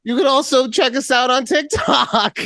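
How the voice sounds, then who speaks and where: A man co-hosting a casual podcast chat over a remote call, talking in an animated, playful way and swearing often. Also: very high voice, normal speed. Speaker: podcast co-host.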